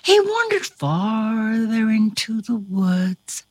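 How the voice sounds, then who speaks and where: Woman storyteller, high lively voice, very unhurried storybook reading. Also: no room sound, studio quality. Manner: expressive, drawn-out reading. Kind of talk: storybook narration.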